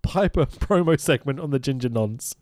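A man's voice: medium pitch, expressive, moderate pace, darkish tone, no room sound, studio quality. A man co-hosting a casual film review podcast, sweary and sarcastic, often mock-quoting the characters. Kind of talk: casual chat.

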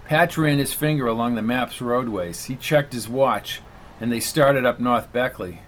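A man narrating an audiobook novel in a steady, measured way. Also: mid-range voice.

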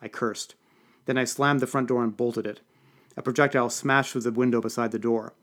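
A man reads a comic first-person story aloud for a podcast, keeping his delivery dry and deadpan. His pitch sits in an ordinary middle range. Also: brisk. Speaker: audiobook podcast reader.

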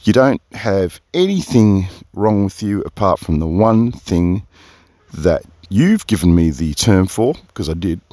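A man's voice: sits low, lively intonation, a little slow, warm tone, no echo. A man from Perth talking through a rambling spoken diary, chatty and easily sidetracked, recorded outdoors under a big tree in the wind on a phone held close to his face. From Perth, Australia. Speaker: audio diarist. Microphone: phone resting close on his face.

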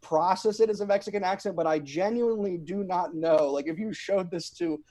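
A male podcast co-host talks through a movie in easy, casual conversation, with a voice a little higher than most men's. He laughs often and slows down to weigh his words when the subject turns serious. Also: darkish tone. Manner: laughs often, measured and hedging on serious points. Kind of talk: casual film discussion.

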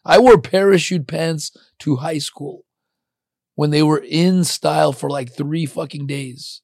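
A man's voice: fairly high pitch, steady tone, a little slow, vocal fry, a little mellow, no echo, studio quality. A man hosting a casual interview, chatty and encouraging, cursing now and then. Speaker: podcast host.

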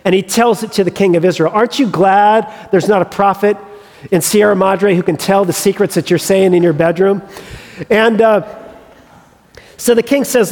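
A man's voice: high voice, moderate pace, darkish tone, big-room sound. A male pastor preaching a sermon, retelling a story with humorous asides.

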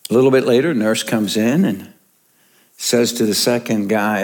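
An older man, a pastor preaching a sermon, telling jokes and chuckling as he goes. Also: on the low side. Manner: slow, jokey storytelling with chuckles.

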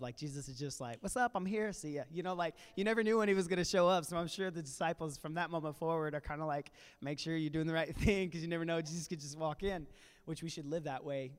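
A man on a church panel, retelling a story in a casual preaching style and acting out the quoted lines. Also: on the high side. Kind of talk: conversational preaching. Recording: live in a reverberant church hall.

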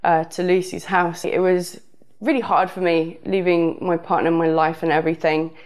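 A woman's voice: lowish voice, level tone, normal speed, a little mellow. Southern English woman telling a rambling story. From southern England. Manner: rambling, casual, with frequent fillers. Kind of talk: personal storytelling.

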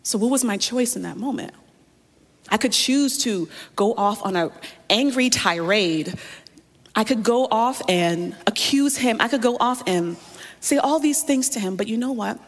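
A woman's voice: a little high, expressive, a little slow, big-room sound. A woman pastor preaching a sermon, telling a personal story and often speaking straight to her listeners.

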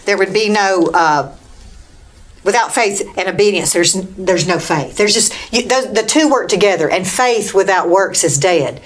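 A woman's voice: mid-range voice, moderate pace, slight background noise. A woman preaching a Bible lesson, reading scripture aloud and calling "Amen?" to her listeners. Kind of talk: bible teaching talk.

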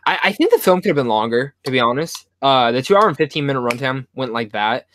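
Excitable young man with a dry close mic. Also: medium pitch, quick pace, no echo. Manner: animated storyteller, stammers and restarts. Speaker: podcast host. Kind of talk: casual movie podcast chat.

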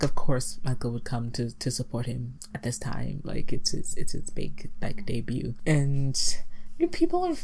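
Low-voiced giggly woman recapping a film. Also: slight background noise. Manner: giggly, animated storytelling with many fillers. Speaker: podcast co-host recapping a movie. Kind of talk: casual chat.

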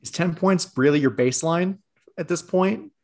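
A man's voice: on the high side, normal speed. A man with a Long Island accent in a casual sports chat, laid-back and wry.

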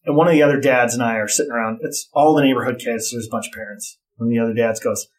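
A man's voice: mid-range voice, steady tone, racing. A middle-aged man in casual chat, telling blunt, profane stories about parenting.

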